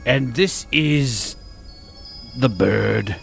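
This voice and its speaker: A man speaking as a player in a tabletop game, hesitant and often pausing as he introduces his crew. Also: mid-range voice, creaky, faint music behind. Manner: hesitant, full of pauses. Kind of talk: casual in-character play.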